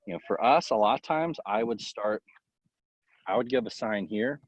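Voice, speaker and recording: A man who is a baseball coach, talking casually in an interview and giving tips in a rambling, animated way full of fillers. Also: on the low side, normal speed, dry recording. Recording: dull, lo-fi, dry sound.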